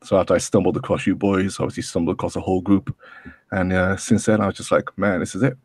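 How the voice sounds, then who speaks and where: A man's voice: low-pitched, flat delivery, fast talker, a little mellow, breathy edge, no echo. A man appearing as a podcast guest, chatting casually and rambling with lots of "you know". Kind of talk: casual chat.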